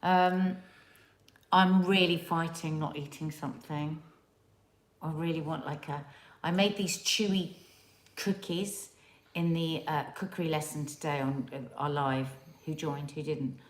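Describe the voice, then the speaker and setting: A British woman co-hosts a relaxed live chat, playful and full of questions. Her voice sits on the low side. The room around her is echoey. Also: measured pace. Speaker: co-host.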